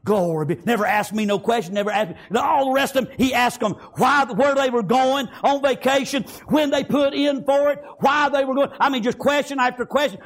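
A man preaching, telling a story in a sermon, swinging from hushed whispers to loud shouted praise. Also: very high voice, a little fast, hardly any pauses.

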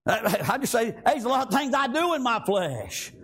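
A man preaching a sermon, shouting out emphatic lines and punctuating them with frequent amens. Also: very high voice, big pitch swings, normal speed, breathy edge.

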